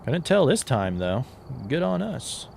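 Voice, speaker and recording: Male game streamer, thinks aloud with fillers, lively pitch over faint noise. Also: unhurried, creaky. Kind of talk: casual gameplay commentary.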